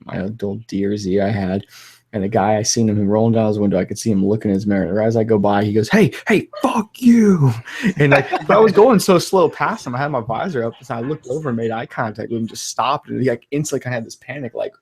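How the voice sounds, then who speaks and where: A man co-hosting a casual motorcycle chat, telling road stories in an animated way. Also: fairly low pitch, husky. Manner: fast, animated storyteller. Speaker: motovlogger co-host.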